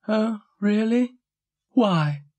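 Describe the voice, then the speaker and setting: A man's voice: high-pitched, expressive, very slow, darkish tone, no echo, voice pushed up, exaggerated voice. A man voicing a grumpy, self-pitying male dog in a storybook recording, with a whiny, wheedling way of talking. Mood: sulky.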